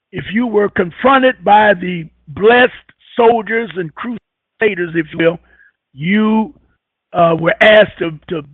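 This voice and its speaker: A man hosting a radio talk show, rambling and halting as he repeats words while searching for them. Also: high-pitched, no echo. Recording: tinny phone-like radio audio.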